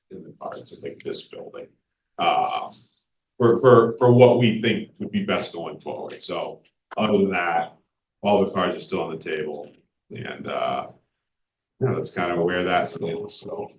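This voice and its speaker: A man's voice: low voice, slight background noise. A man with a New England accent, a public works official giving a casual, filler-laden report at a town meeting. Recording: roomy, distant, dull community TV audio.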